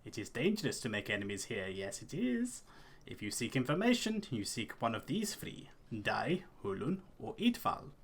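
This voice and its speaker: Little old woman, voiced by a man, slow and warning, game character. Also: mid-range voice, huge pitch swings, slightly rough, heavily acted. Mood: ominous. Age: older. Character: little old tribal woman, shaky and cryptic.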